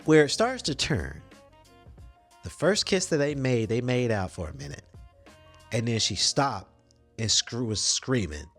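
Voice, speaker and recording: A man hosting a podcast, casually retelling a movie plot in slangy, animated storytelling with some swearing. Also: mid-range voice, a little slow, long pauses, breathy edge, soft background music. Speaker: podcast host.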